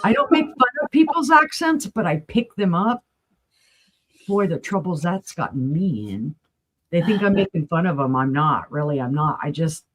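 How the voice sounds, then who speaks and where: A woman's voice: lowish voice, sing-song, normal speed. A woman from New Mexico with a New Mexico accent, chatting casually as a guest seller on a live auction stream and describing glassware in close detail. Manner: chatty, folksy, describes items closely to viewers. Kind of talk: casual live-sale chat.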